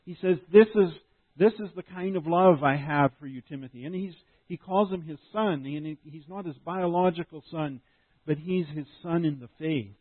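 A male pastor delivers an earnest, explanatory sermon, his voice sitting a little high for a man. The sound is narrow and tinny, like a phone line, and very dry with no room around it. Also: dry recording. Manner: earnest, explanatory preaching with frequent restarts.

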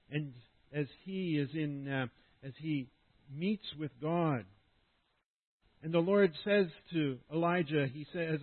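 A man preaching a sermon as pastor at a church service, earnest and often dropping to a hushed voice as he ends a thought. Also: on the high side, no echo, narrow, tinny audio.

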